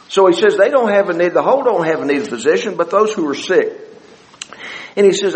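A man preaching a sermon, talking it through conversationally with halting restarts and sarcastic asides. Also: sits high, lively intonation, low-quality recording.

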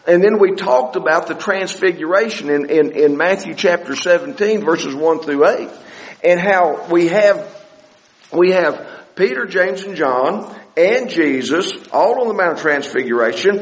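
A man preaching a Bible study sermon, often halting and repeating words as he searches for the next phrase. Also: sits high, animated, in a large hall, low-quality recording.

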